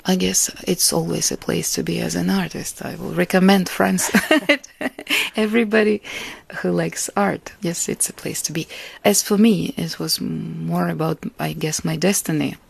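A woman from Russia, a Russian native speaker, giving an interview about her life and art in an earnest, reflective way, with soft laughs between thoughts. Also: lowish voice, steady tone, measured pace, gravelly, husky, no echo. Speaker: artist and interviewee. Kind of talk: interview answers.

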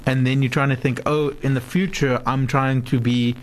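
A man's voice: mid-range voice, little pitch movement, normal speed, a little hiss or hum. A man co-hosting a radio talk show, supportive and explanatory. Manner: supportive, frequent affirmations. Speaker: radio co-host.

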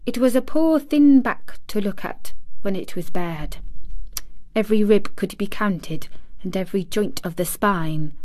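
A woman narrating a classic novel as an audiobook, with a measured, expressive reading. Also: medium pitch, no echo, studio quality. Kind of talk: storybook narration.

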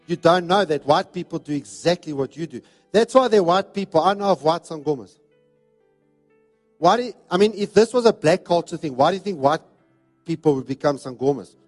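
A high-voiced man delivers a sermon, hammering his points home with repeated phrases. Soft music plays faintly beneath his voice. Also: animated, a little fast. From South Africa. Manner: emphatic, repetitive preaching cadence. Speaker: pastor.

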